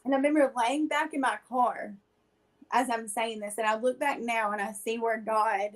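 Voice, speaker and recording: A woman's voice: on the high side, steady tone, moderate pace. A woman, a guest in an interview, telling her personal testimony in a blunt, slangy and emotional way.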